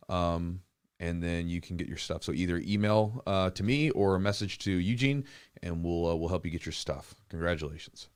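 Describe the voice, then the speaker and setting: A man in his thirties, a podcast host, talks in a fairly low voice, casual and chatty. He tells stories with energy and acts out the quotes, and he swears now and then. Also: moderate pace, clean tone. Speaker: podcast host and jiu-jitsu coach. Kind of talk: casual live Q&A chat.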